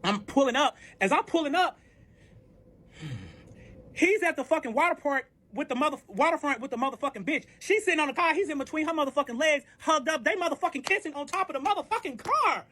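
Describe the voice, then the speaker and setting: A man's voice: extremely high pitch, lively intonation, fast, pushed and bright. A man animatedly retelling a cheating story, profane and dramatic, acting out quoted arguments. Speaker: storyteller guest. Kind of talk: casual storytime.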